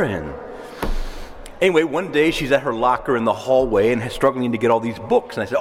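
A man's voice: medium pitch, fairly quick, big-room sound, slight background noise. A man preaching a sermon, emphatic, repeating key words and asking the congregation for agreement.

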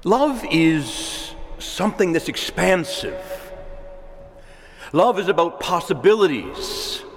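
A man preaching in a large church, his words ringing out with a long echo. His voice sits a little high and swings widely in pitch. He presses his points by repeating words and asking his listeners for an amen. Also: very animated, slow pace, faint music behind. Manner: emphatic, repeats key words and asks the congregation for agreement. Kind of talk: sermon.

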